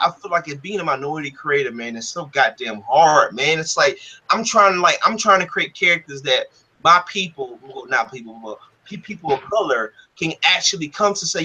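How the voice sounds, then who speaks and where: A man's voice: sits high, pushed and bright, husky, rough recording. A man who makes comic books, ranting in casual talk. He swears often and acts out arguments with other people. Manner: profane, fired-up, quotes others in mock exchanges. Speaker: comic book creator and podcast host. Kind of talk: heated casual rant.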